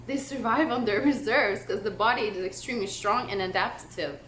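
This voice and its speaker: A woman's voice: medium pitch, fairly quick, fairly bright tone. A young woman vlogging to camera, talking in a passionate, emphatic way with lots of "like". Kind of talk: casual talk to camera. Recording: echoey room, faint noise.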